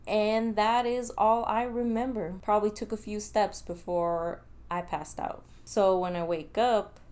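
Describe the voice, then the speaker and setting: A young woman vlogger telling a casual story, animated and swearing freely, laughing now and then. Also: fairly low pitch.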